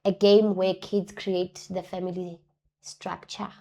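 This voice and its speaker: Speaking slowly in a lowish, gravelly voice, this woman offers heartfelt personal testimony during an interview. She circles back to key phrases to drive them home and brings others' remarks to life with spirited voices.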